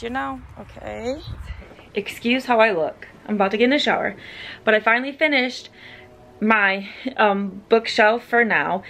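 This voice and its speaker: A woman's voice: on the high side, a bit bright, a little hiss or hum. Chatty young woman vlogging casually. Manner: chatty, upbeat, lots of "like" and "um". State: out of breath. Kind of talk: casual vlog chat. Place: in her car, then at home by a bookshelf.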